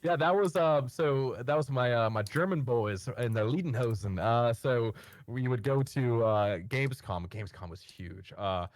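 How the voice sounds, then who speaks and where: A man guest on a podcast, telling rambling stories with many fillers and bursting into animated impressions. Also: mid-range voice, normal speed, no room sound. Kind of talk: casual storytelling chat.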